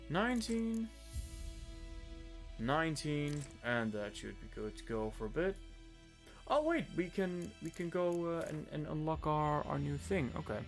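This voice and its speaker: A man from the Netherlands streaming a game live, joking about himself and swearing freely as he talks through his inventory. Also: on the high side. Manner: joking, self-mocking, swears often. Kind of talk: casual live gameplay commentary.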